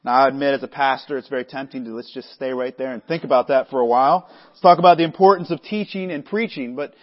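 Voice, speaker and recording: A man preaching a sermon as pastor, measured and earnest, sometimes stumbling and restarting his words. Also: medium pitch, lo-fi sound. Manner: measured preaching with frequent restarts, voicing the disciples conversationally.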